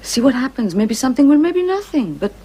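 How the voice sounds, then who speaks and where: A woman's voice: high voice, big pitch swings, mellow, breathy edge, exaggerated voice. An actress playing an earnest artistic woman arguing with the man she is seeing, in a 1980s TV drama. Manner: earnest, pleading, quick-spoken.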